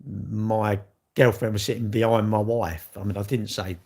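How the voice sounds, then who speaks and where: A man's voice: lowish voice, steady tone, moderate pace, gravelly, darkish tone. An older man, chatting casually with viewers on a livestream, blunt and joking, swearing freely. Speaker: livestream host.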